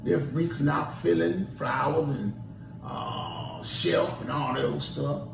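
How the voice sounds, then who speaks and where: Gravelly man telling a story slowly. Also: a little high, lively intonation, background noise. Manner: rambling, acts out quoted dialogue. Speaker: tour guide. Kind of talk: casual storytelling. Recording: roomy, distant recording.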